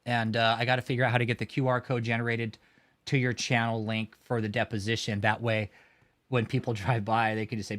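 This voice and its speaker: A man's voice: mid-range voice, little pitch movement, fairly quick, a bit bright. A man livestreaming outdoors by a road, talking casually in a blunt, profane, mocking way.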